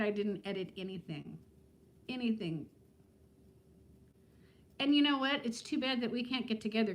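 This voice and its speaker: A woman in her fifties chatting casually on a live stream from home, talking to viewers by name and laughing often. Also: on the high side. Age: 50s. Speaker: vlogger hosting a live stream.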